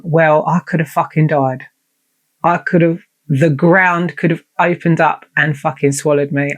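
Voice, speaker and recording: A woman hosting a podcast, telling a personal story in a frank, self-mocking way and swearing freely. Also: deep voice. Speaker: podcast host. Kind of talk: casual storytelling monologue.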